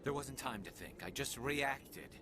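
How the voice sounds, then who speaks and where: A man playing a gruff alien soldier in a game, speaking low and clipped. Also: animated, measured pace, close to an everyday voice. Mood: concerned. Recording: game audio under noise.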